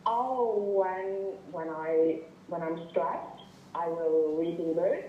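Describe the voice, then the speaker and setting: A man's voice: on the high side, slow, a little hiss or hum. A man from Vietnam with a mixed American and British accent, calling in to chat about himself, eager but hesitant with many restarts. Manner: eager, hesitant, with repeated starts. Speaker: caller, tour guide. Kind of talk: casual phone-in chat. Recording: muffled roomy call-in line.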